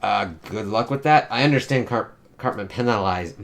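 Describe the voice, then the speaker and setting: A man's voice: lowish voice, moderate pace. A man casually reviewing a comic book, rambling and swearing, often restarting words. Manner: rambling, profane, with frequent restarts.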